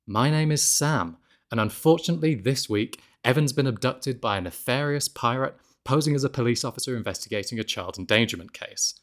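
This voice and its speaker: A podcast host chats casually from an apartment in Mexico, his medium-pitched voice moving at a fairly quick clip. He laughs often and keeps turning the jokes on himself.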